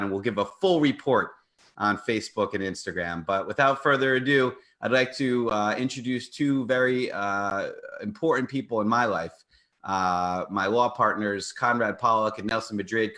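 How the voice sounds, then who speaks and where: A man's voice: fairly low pitch, bright, forceful tone. A middle-aged man, an attorney hosting a call-in radio show, talking in an upbeat, promotional way with playful banter. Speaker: personal injury attorney and show host.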